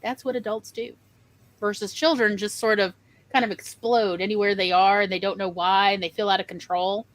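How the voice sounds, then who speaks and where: A woman co-hosting a podcast in casual chat, emphatic and animated. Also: mid-range voice, moderate pace. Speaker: podcast co-host.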